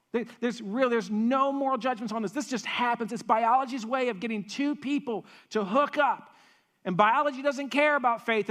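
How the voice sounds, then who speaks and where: A man pastor preaching a sermon in a church, animated and repetitive for emphasis, with joking asides. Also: high voice. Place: church stage.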